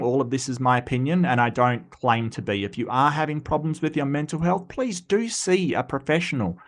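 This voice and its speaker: Chatty Australian man hosting a livestream. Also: mid-range voice. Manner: chatty and rambling, with frequent restarts and asides. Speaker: livestream host. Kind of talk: casual livestream commentary.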